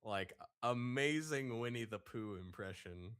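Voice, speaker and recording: Slow, lively-voiced male guest. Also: medium pitch, clean tone. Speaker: guest voice impressionist. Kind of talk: casual live-stream chat. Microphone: remote call over Discord.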